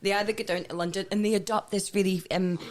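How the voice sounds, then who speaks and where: A Scottish woman co-hosting a casual chat, loud and sweary, laughing often. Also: mid-range voice, fairly even intonation, fast. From Scotland. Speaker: co-host.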